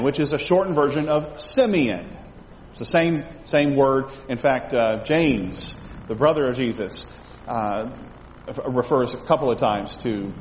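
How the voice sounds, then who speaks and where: Animated man teaching a Bible class. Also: medium pitch. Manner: animated, asks the class questions, repeats words as he thinks. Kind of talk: Bible study lecture. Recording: echoey hall with faint background noise.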